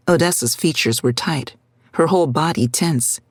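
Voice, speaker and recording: A woman narrates a drama in a low, slightly husky voice. Her storytelling is steady and measured. The sound is close and dry. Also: no echo. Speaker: audiobook narrator.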